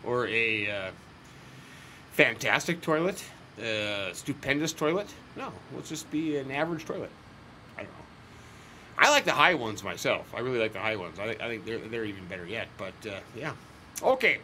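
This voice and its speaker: Guy rambling over his farm game, bright bouncy voice, faint hum behind. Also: medium pitch, very animated, normal speed. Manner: rambling, joking asides to viewers. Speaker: gaming channel host. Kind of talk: casual farming-game commentary.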